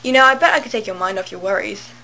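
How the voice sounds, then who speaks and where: A young woman reading aloud a calm, teasing teenage boy from a novel, softly and low-key. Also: quick pace, a little hiss or hum, poor audio.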